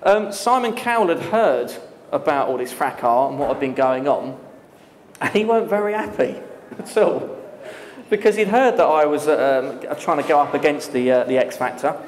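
A man telling a lively story to an audience at a live talk, laughing often and using many fillers. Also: a little high, moderate pace, slight background noise. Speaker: guest speaker. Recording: echoey hall with long reverb.

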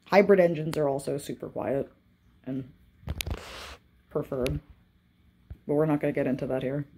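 A woman co-hosting a casual chat, bubbly and quick to laugh, sometimes slipping into a joking valley-girl voice. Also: low-pitched, mellow, slight background noise. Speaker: podcast co-host.

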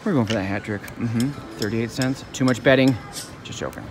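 A man vlogging his slot machine play, trading profane, excitable outbursts with jokey asides. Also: medium pitch, brisk, background noise. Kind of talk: live commentary while playing slots. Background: loud slot machine music and chimes.

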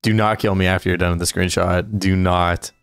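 A man's voice: low voice, level tone, brisk, smooth, dry recording, clean studio sound. A young man streaming a game live, playfully chatting with a friend and thanking donors. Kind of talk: casual livestream chat.

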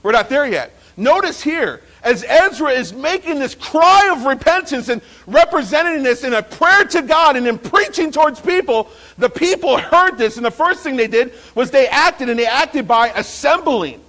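Male pastor, very high-pitched, lively sermon delivery with repetitions. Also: normal speed, hardly any pauses, poor audio. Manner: lively preaching with repeated phrases and restarts.

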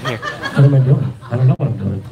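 A man's voice: medium pitch, fairly quick, crowd noise. A man hosting a live event, jokey and plugging his channel. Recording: echoey hall from far off.

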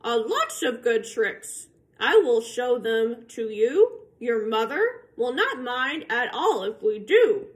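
A woman voicing a playful, showy male cat trickster in a storybook read-aloud, with a slow, sing-song, boastful delivery. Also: a little high, sing-song. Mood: coaxing.

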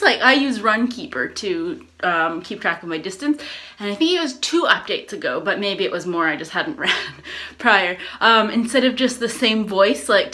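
A woman's voice: medium pitch, sharp tone. A young woman chatting casually and upbeat in a daily vlog, laughing often. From Canada. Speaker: vlogger.

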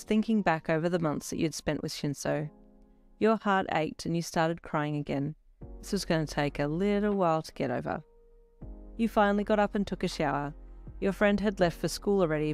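A reader narrating a second-person fan fiction story in a gentle, even manner. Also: medium pitch, clear, resonant tone.

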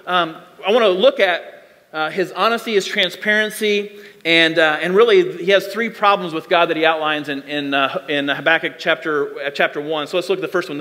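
Earnest high-voiced preacher in a hall. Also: male voice, pushed and bright. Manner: earnest, repetitive, talks straight to the listeners. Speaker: pastor. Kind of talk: sermon. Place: church auditorium.

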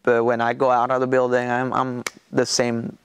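A pastor from Mexico with a Mexican Spanish accent tells his testimony in an interview, in halting non-native English full of restarts and fillers. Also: mid-range voice, completely flat delivery, smooth, dry recording.

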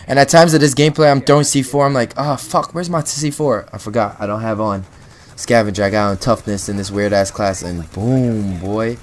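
A man's voice: medium pitch, brisk. A young man giving casual gameplay commentary for his channel, boastful and full of profane trash talk. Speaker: gaming channel host.

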